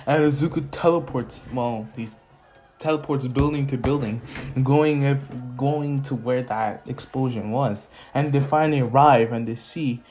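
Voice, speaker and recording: A man's voice: mid-range voice, a little slow. Guy making up a fan story as he goes, rambly, music faintly behind. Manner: rambling, self-correcting. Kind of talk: casual improvised fan story. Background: soft lofi music.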